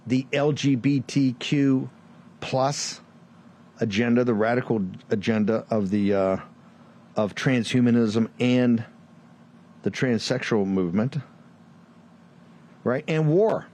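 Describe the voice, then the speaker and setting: A combative man hosts a political commentary show. He fires off rhetorical questions and sarcastic asides at a middling pitch. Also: takes it slowly, pauses often, a little mellow. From Virginia, USA. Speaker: show host.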